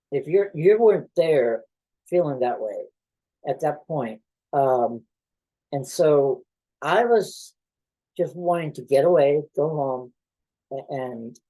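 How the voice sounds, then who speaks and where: A man, a mental health professional, talking haltingly and defensively in a tense conversation, often trailing off. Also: fairly high pitch, dark tone, low-quality recording.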